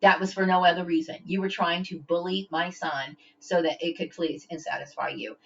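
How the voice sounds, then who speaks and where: Woman vlogger with a low voice, confrontational rant, constant "okay?", dull lo-fi sound. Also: fairly even intonation, normal speed, creaky. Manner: confrontational, repeats "okay?" often; stammers and restarts when upset. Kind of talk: direct-to-camera rant. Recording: dull lo-fi home recording.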